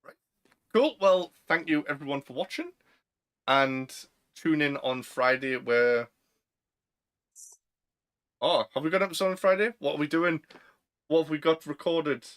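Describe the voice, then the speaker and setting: A man's voice: fairly high pitch, lively intonation, measured pace, pauses often, a bit bright. A man with a Northern English accent, co-hosting a casual podcast chat, who talks in slang and laughs often. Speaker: podcast co-host.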